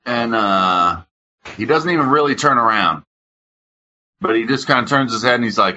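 A man's voice: on the low side, lively intonation, moderate pace, bright, forceful tone, muffled recording. A man casually telling a profane story, acting out both sides of an argument in a raised voice.

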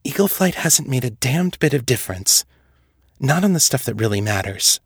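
A man's voice: medium pitch, sing-song, moderate pace, breathy edge, no room sound. Give me a man playing an outspoken woman officer who talks bluntly and keeps pressing, read as an audio story in a dry room.

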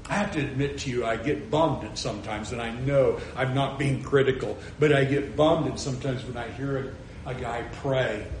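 An older man preaching a sermon as pastor, animated and storytelling, acting out his own reactions. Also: medium pitch, normal speed, a little hiss or hum. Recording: echoey hall with faint ambience.

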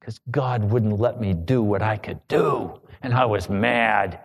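A man preaching a sermon, telling a personal story with emotion that rises to loud pleading. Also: lowish voice, slow, slightly rough. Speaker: pastor.

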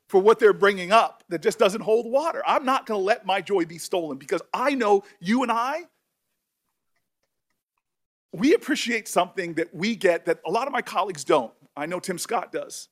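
A senator speaking emotionally at a hearing, halting and repeating his words. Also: high voice, a bit bright.

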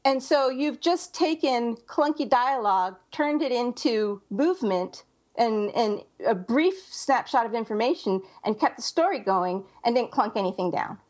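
A woman with a fairly high voice co-hosts a casual podcast about writing. She talks in a chatty, loose way, circling back with fillers and restarts as she works out her points. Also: animated, measured pace, darkish tone. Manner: chatty, thinks aloud with many fillers and restarts. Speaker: podcast co-host, writer.

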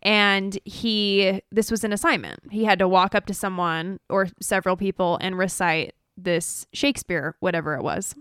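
A woman co-hosting a podcast, sick and a little sniffly, speaking in a smooth, clean voice with dry, understated replies in casual chat. The recording is close and dead. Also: medium pitch, fairly even intonation, moderate pace, hardly any pauses, fairly bright tone, dry recording. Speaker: podcast co-host.

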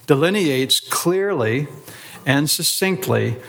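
A man, a pastor, teaching an adult Sunday school class in a deliberate way, stressing words in short listed phrases and asking rhetorical questions. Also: on the high side, expressive, gravelly, fairly bright tone.

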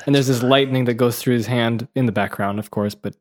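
A man co-hosting a podcast in casual chat, reading a film script aloud and acting out its lines in soft whispers and sudden shouts. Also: medium pitch, fairly even intonation, brisk. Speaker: podcast co-host.

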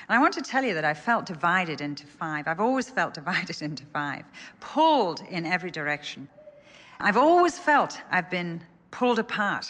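A woman's voice: lowish voice, lively intonation, fairly quick, fairly bright tone. An older woman telling an earnest personal story in a sermon. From England. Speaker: speaker. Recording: echoey hall.

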